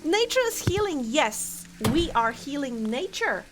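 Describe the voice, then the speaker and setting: A woman's voice: high-pitched, big pitch swings, a little slow, noisy background. A woman streaming a game, chatting casually and thinking aloud with frequent giggles. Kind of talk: casual gameplay commentary. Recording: clear game music underneath. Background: game music.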